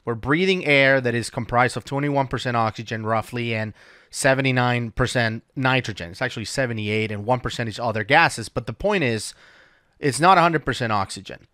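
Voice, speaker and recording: A man's voice: mid-range voice, brisk, pushed and bright, dry recording. A man hosts a casual dive talk with an ordinary mid-range voice. He walks through ideas patiently, checking in with "right?" as he goes. The sound is dry and close. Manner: patient, explains step by step with lots of "right?". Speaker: dive instructor and podcast host. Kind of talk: casual explanatory chat.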